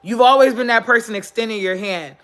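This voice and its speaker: A woman's voice: a little high, a little fast, fairly bright tone. A woman hosting a casual motivational live stream from her phone while sitting on the floor, earnest and preachy, repeating her points for emphasis. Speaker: livestream host. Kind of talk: casual motivational livestream talk.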